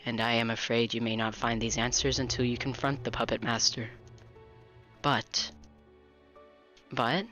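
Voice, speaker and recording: A streamer voicing a calm, cryptic girl troll while reading a visual novel aloud, speaking slowly and low. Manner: slow, low, hushed delivery.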